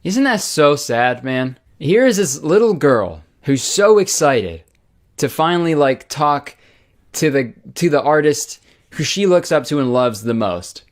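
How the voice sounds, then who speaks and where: A man's voice: a little high, very animated, unhurried. A young man doing comedic internet commentary, ranting sarcastically and swearing in exasperation.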